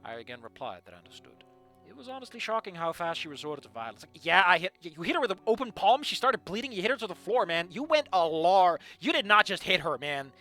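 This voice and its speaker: A man reading a story aloud and breaking off with animated, sarcastic asides to the characters. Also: high-pitched, quick pace, soft background music. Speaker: fanfiction reader.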